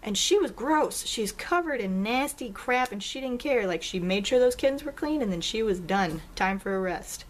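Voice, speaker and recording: A young woman talks to her viewers in a loose, chatty vlog. She tells a story with animated swings in pitch and bursts of laughter. She jumps up high whenever she acts out a quote. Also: moderate pace, hardly any pauses, slight background noise. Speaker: vlogger.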